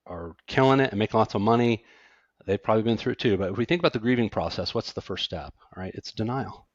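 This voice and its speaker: A man's voice: lowish voice, quick pace, no echo, lo-fi sound. A middle-aged man, an accountant and podcast guest, talking casually and animatedly, with frequent restarts. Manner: animated, self-deprecating, stammers on restarts.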